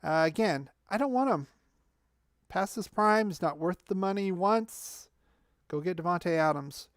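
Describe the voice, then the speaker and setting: A man's voice: high-pitched, unhurried, no room sound, studio quality. Heated man arguing football on a livestream. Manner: heated, argumentative, talks back to chat commenters. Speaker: fan channel livestream host. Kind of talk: sports fan livestream commentary, reading chat.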